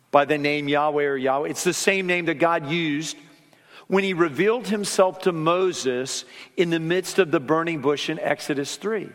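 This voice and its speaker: Man preaching in a reverberant hall. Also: fairly high pitch. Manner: dynamic preaching, dropping to soft hushed tones for emphasis. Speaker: pastor. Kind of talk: sermon.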